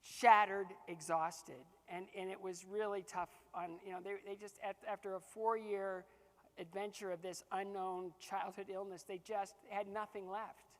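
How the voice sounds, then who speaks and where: A man's voice: high voice, flat delivery, moderate pace, long reverb tail. A man giving a motivational keynote to a live audience. He tells stories, acts out the dialogue and laughs often. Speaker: motivational speaker.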